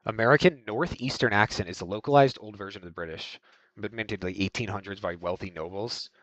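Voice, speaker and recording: A man's voice: fairly low pitch, quick pace, fairly bright tone, dry recording. A man streaming a speedrun, chatting casually with his live chat and reading messages aloud. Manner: reads chat aloud, hums and scats to himself.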